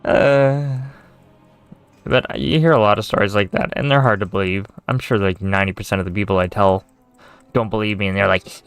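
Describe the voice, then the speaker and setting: A man's voice: lowish voice, normal speed, clean tone. A man, a gaming video creator, ranting casually with lots of swearing, sarcasm and exasperation. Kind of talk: casual rant to camera.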